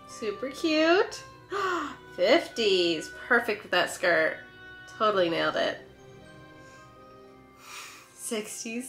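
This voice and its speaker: A woman's voice: medium pitch, fairly bright tone. A woman hosting a casual reaction video, gushing and gasping with delight at each clip. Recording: echoey room with faint music.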